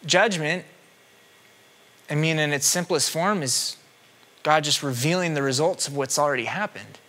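Impassioned preacher man, bright voice. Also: a little high, moderate pace. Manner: impassioned, swings from hushed to loud pleading. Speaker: minister. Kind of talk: sermon.

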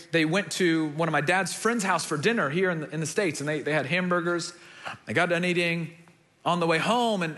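Give me a young male pastor preaching, lively storyteller, high and bright. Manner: storytelling, animated, repeats words when building a point. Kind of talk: sermon.

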